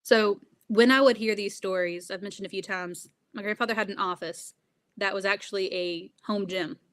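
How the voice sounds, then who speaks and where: A woman's voice: mid-range voice, fairly even intonation, normal speed, a bit bright. Earnest young woman being interviewed. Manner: earnest, with frequent laughs and fillers. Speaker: guest. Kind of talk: interview conversation.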